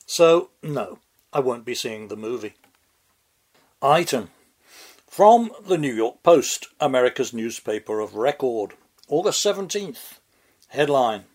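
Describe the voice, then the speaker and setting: Slow, dry-toned male commentator. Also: mid-range voice, big pitch swings, a little mellow. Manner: dry, deliberate, sardonic delivery. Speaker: commentary host. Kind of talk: scripted satirical commentary.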